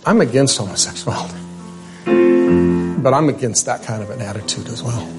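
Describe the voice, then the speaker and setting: Male pastor, sermon, conversational asides, mid-pitched voice, piano underneath. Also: normal speed. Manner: conversational preaching with asides and restarts.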